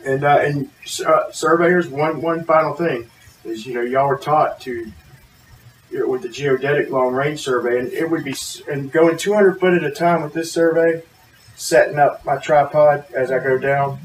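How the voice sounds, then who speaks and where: Man, rambling, halting, roomy sound, off-mic, faint room hum. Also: on the high side, steady tone. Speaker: man in a played video. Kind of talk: explaining survey methods. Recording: distant roomy video audio.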